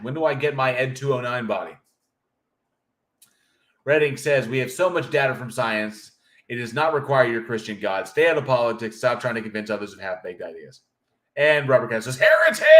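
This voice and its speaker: A man's voice: medium pitch, a bit bright. A man hosting a livestream in casual chat, reading viewer comments aloud and joking with a loose, profane manner. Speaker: livestream host.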